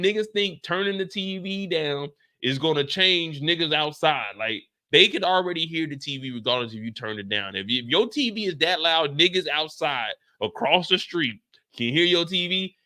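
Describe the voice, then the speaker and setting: Bright-voiced male host, comedic reaction, jokey riffing, big pitch swings. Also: animated, moderate pace, no room sound, clean studio sound. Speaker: show host. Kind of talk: comedic TV after-show reaction.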